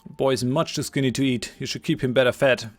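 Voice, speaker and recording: A man's voice: mid-range voice, steady tone, fairly quick, soft background music, close to an everyday voice. A man voicing a blunt male Viking chieftain in a plain, everyday voice.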